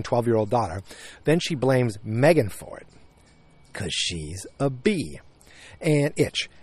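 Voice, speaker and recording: A man with a medium-pitched, darkish, slightly rough voice recaps a TV episode for his podcast in a blunt, chatty way, full of fillers and restarts. He recorded it on a handheld recorder outdoors beside the woods near his house, with no room sound.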